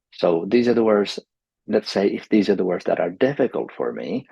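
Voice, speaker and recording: Man with a gravelly, husky voice teaching. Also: on the low side, darkish tone, no room sound, muffled recording. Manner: explains patiently, models words with exaggerated stress. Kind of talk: pronunciation lesson.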